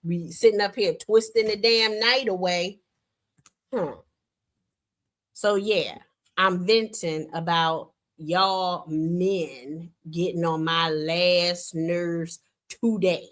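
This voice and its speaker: Slow, sassy woman hosting a livestream. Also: fairly low pitch, steady tone. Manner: sassy, dismissive, mocking. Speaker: livestream show host. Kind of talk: heated livestream debate.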